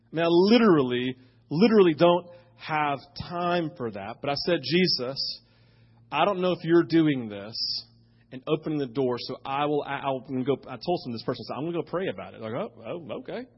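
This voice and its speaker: Animated pastor, dull lo-fi sermon audio. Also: male voice, a little high, brisk, breathy edge. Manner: animated storytelling, swings from loud to hushed.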